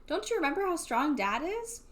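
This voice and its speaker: A woman's voice: very high-pitched, big pitch swings, a little fast, pitched above the performer's own voice. A woman reading the lines of an easygoing young man, a village big brother, from a video game. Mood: gentle. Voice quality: light, reading game dialogue aloud. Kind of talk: reading game dialogue aloud.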